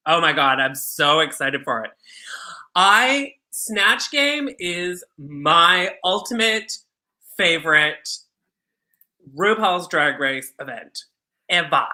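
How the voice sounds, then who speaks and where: A woman's voice: on the low side, lively intonation, slow, sharp tone. A woman co-hosting a live drag race recap show in casual chat, bubbly and gushing.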